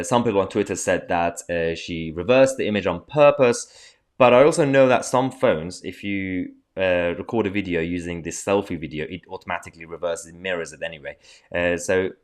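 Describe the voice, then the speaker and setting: A man with a fairly low voice hosts an online commentary show. He talks loosely and chattily to his viewers, full of ums and asides, with a sarcastic, mocking edge. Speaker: political commentary host. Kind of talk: casual commentary to camera.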